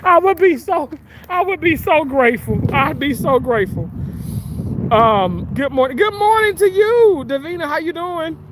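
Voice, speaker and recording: A man's voice: very high-pitched, animated, normal speed, noisy background. A man hosting a casual livestream. He reads viewer comments in a crude, giggly, playful way. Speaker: livestream host.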